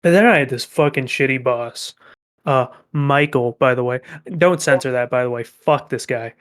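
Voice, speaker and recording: A young man co-hosting a podcast, telling work stories in a profane, animated way. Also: mid-range voice, moderate pace. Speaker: podcast co-host. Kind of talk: casual chat.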